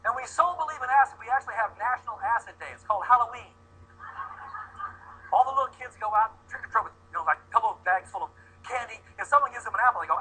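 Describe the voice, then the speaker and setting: A man giving an animated, joking sales presentation to a live audience, putting questions to them. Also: high voice, breathy edge, rough recording. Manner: animated and joking, acts out quick voices.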